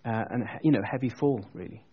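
A man preaching a sermon, telling a story in an animated, chatty way with jokey asides. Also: mid-range voice, fairly quick, breathy edge, muffled recording.

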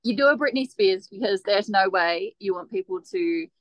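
A woman's voice: mid-range voice, moderate pace, dry recording, rough recording. Blunt young woman, dry close sound. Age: young adult. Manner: blunt, swears, chimes in with asides. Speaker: podcast co-host. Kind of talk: casual chat.

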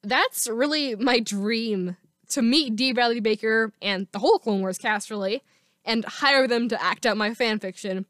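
Woman podcast host, upbeat fan chatter, bright-pitched, close dry mic. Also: measured pace, dry recording. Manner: chatty and enthusiastic. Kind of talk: casual solo podcast talk.

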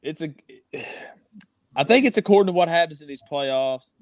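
A man's voice: on the high side, animated, moderate pace, no room sound. A man, co-hosting a casual sports chat, joking and laughing often. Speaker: podcast co-host.

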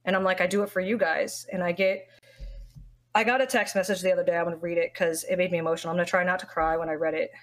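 A young woman speaks with a slightly low voice, open and heartfelt, telling a long personal story as a streamer in an interview. Her talk wanders, with frequent restarts and fillers along the way. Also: steady tone, quick pace. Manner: candid, heartfelt, rambling with many restarts.

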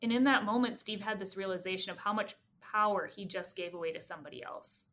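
A woman podcast host retelling a story in a casual, animated way, acting out the quoted lines. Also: medium pitch, quick pace.

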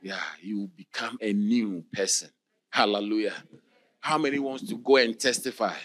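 A man preaching a passionate sermon, moving between quiet talk and shouted exclamations. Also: fairly low pitch, steady tone, moderate pace, some chatter behind.

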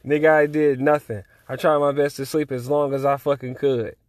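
A man in his twenties chatting alone on his podcast in a loose, rambling way. He swears constantly and laughs easily, and his voice sits at an ordinary pitch. The recording is close and dry, with no room sound. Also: flat delivery, moderate pace, dry recording. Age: 20s. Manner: profane, laid-back and rambling, with frequent laughs. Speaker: podcast host. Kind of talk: casual solo chat.

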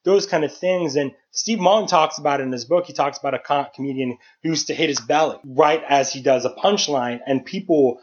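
A man's voice: fairly high pitch, a little fast, few pauses, lo-fi sound. A man who works as a stand-up comedian, talking through his craft in a casual, analytical way with frequent restarts. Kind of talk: casual chat.

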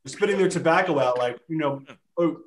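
A man, a personal trainer, talking in casual podcast banter, brash and profane, mocking gym-goers with quick impressions. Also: on the high side, crowd noise.

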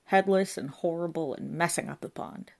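A woman reading the part of a gruff older male park ranger who answers bluntly and curtly, in a low voice. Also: normal speed, darkish tone. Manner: blunt, curt replies.

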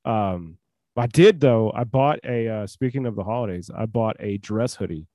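A man's voice: lowish voice, moderate pace, warm tone, no room sound. A young man co-hosting a podcast, chatting casually in a jokey, rambling way with lots of fillers. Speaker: podcast co-host. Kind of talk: casual chat.

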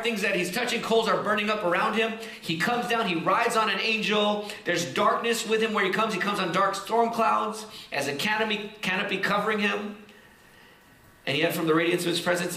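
A man preaching a sermon, reading scripture slowly and explaining it in a lively, conversational way with casual asides. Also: sits high, reverberant. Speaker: pastor.

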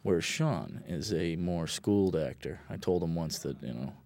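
Here the director's voice sits low and sounds gravelly and darkish, with lively intonation at a normal speed. He rambles casually about his own movie, leaning on fillers and tossing in blunt, offhand remarks.

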